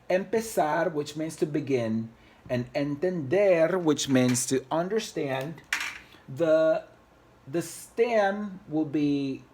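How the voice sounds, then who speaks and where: A man's voice: a little high, darkish tone, slightly rough. A man teaching grammar at a whiteboard, patient and repetitive as he counts out syllables and conjugations. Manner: patient, repeats points and counts out syllables slowly. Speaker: Spanish teacher. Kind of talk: classroom-style video lesson at a whiteboard.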